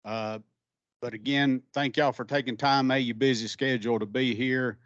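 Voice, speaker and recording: A man's voice: mid-range voice, fairly even intonation, moderate pace, a bit bright, no room sound. A man who closes a public meeting in a folksy, friendly way. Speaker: meeting chair. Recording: dull lo-fi meeting recording.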